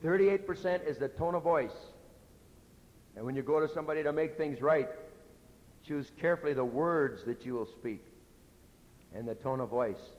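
A man's voice: normal speed, long pauses, dull audio. Man preaching a sermon in an echoey hall. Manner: earnest, conversational preaching, drops soft and low for personal confessions. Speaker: pastor. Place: church sanctuary. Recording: echoey hall with faint rumble.

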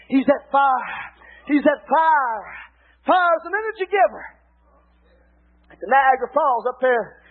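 A man preaching a revival sermon, mixing folksy stories with fervent shouting. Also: very high voice. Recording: tinny phone-like lo-fi recording.

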